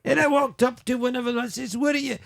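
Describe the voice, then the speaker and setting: A man's voice: very high-pitched, fairly even intonation, fast, vocal fry, pitched above the performer's own voice. A man doing an impression of an older Scottish comedian, telling a rambling joke in a Scottish accent. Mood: amused. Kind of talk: comic impression.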